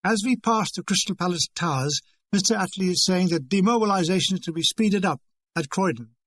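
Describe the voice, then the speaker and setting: A man's voice: high-pitched, brisk, a bit bright, no echo. An older English man reading his own war memoir in a dry, wry, conversational way. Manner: dry, wry and conversational, acting out remembered dialogue.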